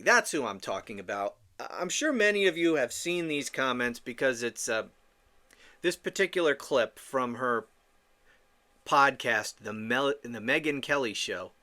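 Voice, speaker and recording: Indignant male podcast host, bright voice. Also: fairly high pitch, very animated, moderate pace. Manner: indignant, profane, emphatic with stammering restarts. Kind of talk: opinion monologue.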